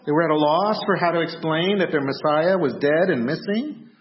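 A man preaching a sermon, telling the story with animation and acting out startled shouts. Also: fairly high pitch, moderate pace, dull audio, slight background noise. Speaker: pastor.

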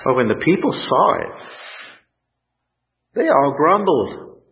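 A man preaching a sermon, earnest and pausing, lifting his voice when he quotes scripture. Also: on the high side, very animated, slight background noise. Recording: dull lo-fi sound.

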